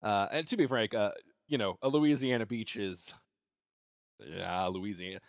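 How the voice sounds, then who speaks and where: A man from New Orleans co-hosting a casual podcast chat, jokey and quick to laugh. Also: on the low side, no echo, muffled recording. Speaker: podcast co-host.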